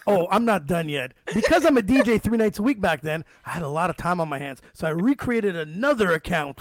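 A man's voice: high-pitched, brisk, no echo, studio quality. A man in his forties, a podcast host, telling stories in casual chat, swearing freely and acting out what people said. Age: 40s. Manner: animated, profane storyteller who acts out quotes.

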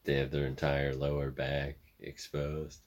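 Easygoing guy with a really deep voice, casual podcast chat, short agreeable replies. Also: completely flat delivery, unhurried. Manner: laid-back, agreeable, short replies and jokes. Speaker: podcast co-host.

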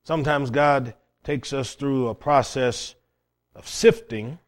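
A man preaching a folksy, plain-spoken sermon with storytelling, swinging between loud and hushed passages. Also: mid-range voice, takes it slowly.

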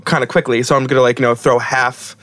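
A young man playing a casual tabletop game as a player, playful and quick to laugh. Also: medium pitch, level tone, fairly bright tone, dry recording. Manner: playful, giggly.

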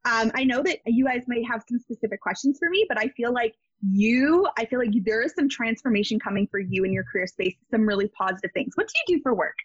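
A woman's voice: fairly high pitch, fast, few pauses, husky, no room sound, highs cut off. A woman giving a casual psychic reading as a guest, emphatic and repetitive, with many fillers, over a video call.

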